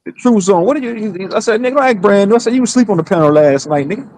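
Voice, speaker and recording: A man talks fast in a high voice, telling an animated, profane story and acting out both sides of an argument. The sound is dry and close, with no room in it. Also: no echo. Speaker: streamer, show host. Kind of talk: casual storytelling chat.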